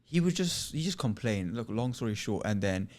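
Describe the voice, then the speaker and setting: A man's voice: on the low side, very animated, moderate pace, darkish tone. A man with a British accent, a podcast guest chatting casually and telling a story, acting out the people he quotes. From United Kingdom. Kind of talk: casual chat.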